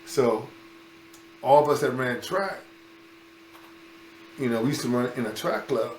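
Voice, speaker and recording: Animated storyteller. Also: male voice, medium pitch, unhurried. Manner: animated, colloquial, laughs while telling stories. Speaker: basketball coach, guest. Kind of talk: storytelling in conversation. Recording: roomy with faint ambient noise.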